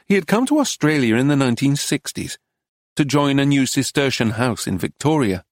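Male narrator, calm literary memoir reading, mid-pitched voice, dry close sound. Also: a little fast, dry recording. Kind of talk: audiobook narration of a travel memoir.

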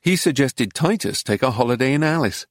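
A man reading a book aloud in measured, even storytelling narration into a close studio mic. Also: mid-range voice, no room sound. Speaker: audiobook narrator. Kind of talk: scripted narration.

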